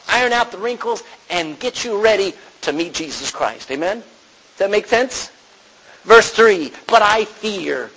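A high-pitched man preaches with a steady rhythm, checking in with the congregation over and over. A faint hiss runs under the recording. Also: rough recording. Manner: preaching with frequent call-and-response "Amen?". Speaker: pastor. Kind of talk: sermon.

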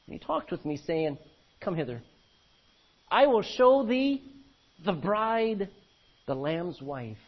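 Husky preacher swinging loud and soft. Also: male voice, sing-song, slow pace, pauses often. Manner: swings between loud emphasis and low quiet lines; reads old-fashioned scripture aloud. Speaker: pastor. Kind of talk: sermon. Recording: dull lo-fi recording.

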